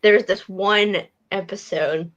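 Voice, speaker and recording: A woman co-hosting a podcast, chatting excitedly about a TV episode. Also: medium pitch, muffled recording. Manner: excitable, quick to exclaim and laugh. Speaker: podcast co-host. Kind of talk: casual chat about a TV show.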